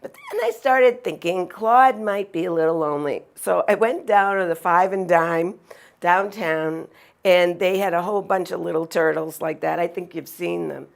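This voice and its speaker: Animated woman telling childhood stories. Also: on the low side, moderate pace, creaky. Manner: animated, acts out sounds and quotes. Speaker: storyteller. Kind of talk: personal storytelling.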